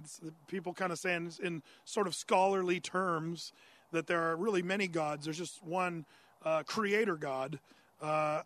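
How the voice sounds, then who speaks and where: A pastor teaching through a Bible passage in a conversational sermon, raising listener questions and answering them, with frequent "uh" fillers and restarts. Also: male voice, high voice, fairly bright tone.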